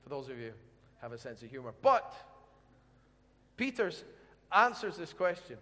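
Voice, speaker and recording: High-voiced, joking preacher in echoey hall. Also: male voice, big pitch swings, moderate pace, bright, forceful tone. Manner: humorous, chatty storytelling with questions to the audience. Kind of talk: sermon.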